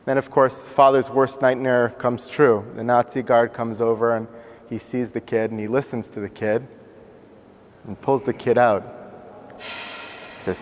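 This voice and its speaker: Male storyteller, mid-pitched, vivid and theatrical, long hall reverb. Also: level tone, a little slow, pauses often, a little hiss or hum. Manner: vivid, acts out voices, swings loud and soft. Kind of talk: dramatic storytelling talk.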